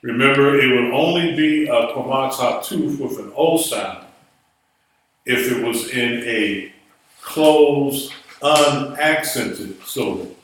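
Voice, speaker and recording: A man's voice: mid-range voice, slow pace, fairly bright tone. A man teaching a Hebrew class, patiently spelling words out letter by letter. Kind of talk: classroom lesson. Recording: echoey room from far off.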